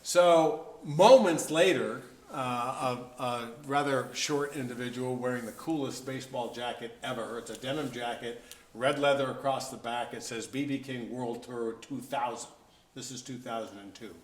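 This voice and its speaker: A man at an average pitch tells stories from his life as a musician in an easy, casual way. He often makes fun of himself with wry humor. His voice is recorded in a reverberant room, with a faint hum of noise underneath. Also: normal speed. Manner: wry, self-deprecating humor. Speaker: interviewed musician. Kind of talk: casual anecdotal storytelling. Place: event venue, indoors. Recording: roomy echo, faint background noise.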